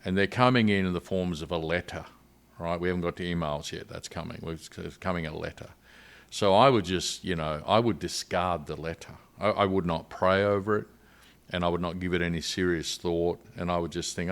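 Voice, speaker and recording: A man's voice: deep voice, steady tone, brisk. An older man with an Australian accent, a missionary guest telling his story earnestly in a podcast interview.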